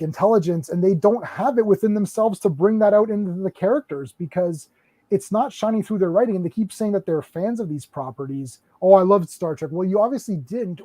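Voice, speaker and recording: This is a man in his forties, a podcast host, talking through films in a loose, casual way. His voice sits high but sounds warm and mellow. He stumbles through stacks of repeated words before he gets his point out. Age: 40s. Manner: rambling, repeats words while searching for them. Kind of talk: casual film discussion.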